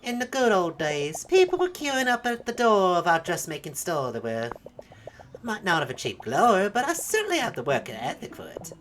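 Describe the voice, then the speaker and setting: Casting: a woman doing a teasing old lady seamstress in a video game, proud and chatty, low voice with lively swings in pitch. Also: moderate pace, a little hiss or hum. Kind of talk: reading game dialogue aloud.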